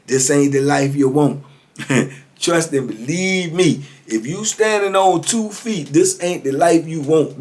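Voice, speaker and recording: A man in his fifties telling prison stories in a casual monologue, laughing often and dropping "man" into almost every line. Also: on the high side. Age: 50s. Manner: animated, laughs often, says "man" constantly. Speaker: former prisoner storyteller.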